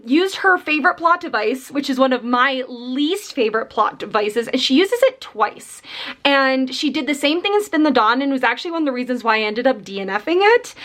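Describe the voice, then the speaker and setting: High-voiced young woman ranting about books. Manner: animated, many fillers, exasperated rants. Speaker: book vlogger. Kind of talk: casual chat.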